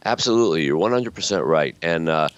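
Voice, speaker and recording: A man's voice: low-pitched, animated, fast talker, clear, resonant tone, no room sound. A man in his sixties, a guest author telling stories earnestly and reflectively in a conversational interview. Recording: dull lo-fi sound.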